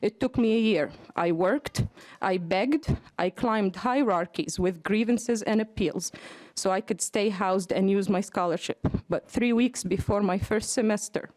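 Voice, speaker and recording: A woman's voice: medium pitch, measured pace, a little mellow. A woman in her twenties, from Africa, out of breath, reading earnest, emphatic testimony to a committee in a hearing room.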